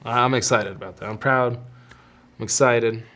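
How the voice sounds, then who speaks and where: A young man hosts a podcast and tells personal stories in a loose, candid way. He often restarts his sentences as he goes. His pitch sits in the middle range. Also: fairly even intonation, a little slow, a bit bright. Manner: candid, rambling with frequent restarts. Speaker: podcast host. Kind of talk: casual storytelling.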